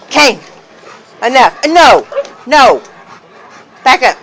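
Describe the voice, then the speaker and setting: A woman's voice: fairly high pitch, sing-song, very slow, fairly bright tone, slight background noise. A woman filming her dog at home, laughing and scolding it with short repeated commands. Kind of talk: casual home video chatter.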